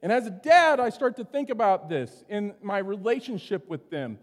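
A middle-aged pastor delivers a sermon in a church sanctuary, with a fairly high voice for a man. He talks conversationally and tells stories, punctuating his points with "right?". A long reverb trails each phrase in the hall. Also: expressive, normal speed. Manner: conversational, storytelling, keeps asking "right?".

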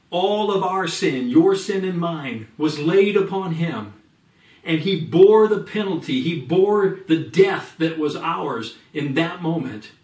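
A man's voice: on the high side, recorded from a distance. Earnest male preacher in an echoey room. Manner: earnest preaching, slowing for emphasis. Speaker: pastor. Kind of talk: sermon.

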